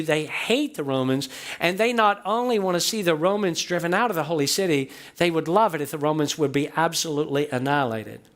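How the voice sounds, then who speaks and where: High-voiced man preaching a sermon. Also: a bit bright. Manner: storytelling, checks in with the congregation. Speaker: pastor. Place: church sanctuary.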